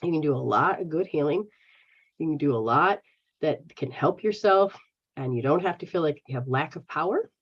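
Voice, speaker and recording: A woman's voice: sits low, lively intonation, normal speed, slightly rough. An American woman hosting a live stream as a spiritual healer, talking bluntly and casually and swearing freely as she answers viewers. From United States. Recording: dull lo-fi stream audio.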